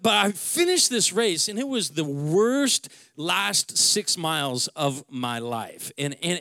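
Bright-voiced man preaching a sermon. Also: high-pitched, no room sound, studio quality. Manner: conversational and animated, with many restarts. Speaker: pastor. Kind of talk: sermon with personal story.

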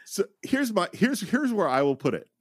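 A man's voice: high voice, big pitch swings, moderate pace, breathy edge, no room sound, studio quality. A man co-hosting a casual movie-review podcast who gives his opinions enthusiastically and laughs easily. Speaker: podcast co-host.

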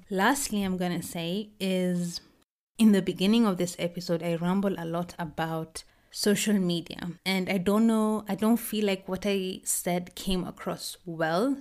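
A woman's voice: fairly low pitch, a little mellow. A young woman hosting her own podcast in a casual, rambling way, often stopping to rephrase herself, recorded indoors at a relative's house. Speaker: podcast host. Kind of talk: casual solo podcast chat.

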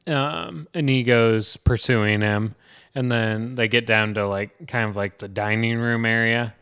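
A man's voice: medium pitch, steady tone, unhurried, fairly bright tone, smooth. A man chatting casually about a movie, laid-back, often answering with short agreeing replies.

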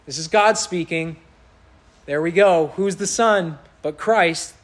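A man's voice: high-pitched, slow pace. A man preaching a sermon in a conversational way, acting out quoted voices now and then. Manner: conversational, mocks voices when quoting.

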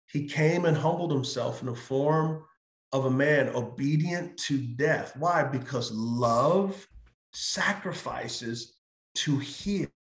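A man's voice: a little high, reverberant. A male pastor as a podcast guest, speaking emphatically in a preaching style, building in repeated phrases and acting out quoted voices. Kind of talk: passionate preaching-style conversation.

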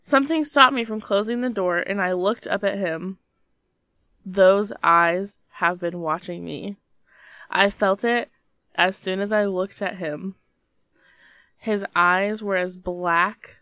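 A young woman reads a creepy story aloud with a crisp, bright voice, building the tension like a seasoned storyteller and slipping into nervous giggles. Her voice sounds close and dry, with almost no room around it. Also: medium pitch, no echo. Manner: dramatic storytelling that breaks into nervous laughter. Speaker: podcast co-host. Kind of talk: reading a scary story aloud.

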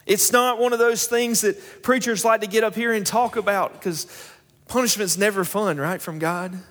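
A young male pastor with a high, fairly bright voice preaches at a moderate pace, telling a story before driving home his points with mounting emphasis. A long reverb from the church sanctuary surrounds his voice.

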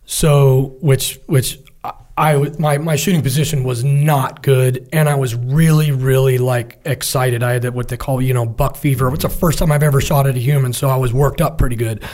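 A man's voice: mid-range voice, normal speed. A middle-aged man, a military veteran, telling a war story in casual conversation and acting out what his comrades said. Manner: vivid storytelling, animated quoting of comrades.

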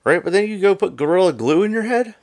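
A man's voice: high-pitched, fast talker, no room sound. Guy co-hosting a podcast, swears a lot, rants, dry close sound. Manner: profane, ranting, animated. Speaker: podcast co-host. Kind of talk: casual chat.

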